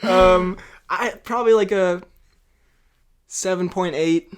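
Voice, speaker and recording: A man's voice: sits high, slow, clear, resonant tone. A man co-hosting a podcast in casual chat, rambling and laughing often. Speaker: podcast co-host.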